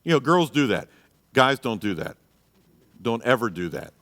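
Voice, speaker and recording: A man pastor teaches a live marriage class in a church, blunt and exhorting as he presses the men in the room. His voice sits at an ordinary middle pitch. He peppers his talk with "you know" and "okay?". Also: sing-song, moderate pace, fairly bright tone, big-room sound. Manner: acts out quoted people in a raised voice.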